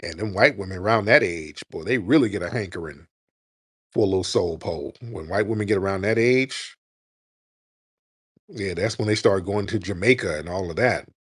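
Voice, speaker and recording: A man's voice: sits low, moderate pace, a bit bright, breathy edge, no echo, clean studio sound. A man hosting a call-in livestream, laughing and taunting callers in casual chat.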